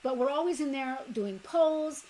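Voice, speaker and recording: A chatty, bubbly woman co-hosts a casual live stream for a toy shop, talking up membership perks. Her voice sits high and bright in pitch. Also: lively intonation, moderate pace, a little hiss or hum, poor audio.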